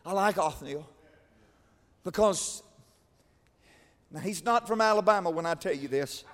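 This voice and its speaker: High-voiced preacher in a reverberant church. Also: male voice, a little slow. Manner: preaching with chanted, shouted rises and quiet asides. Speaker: pastor. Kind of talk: sermon. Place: large church. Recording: long reverb of a church hall.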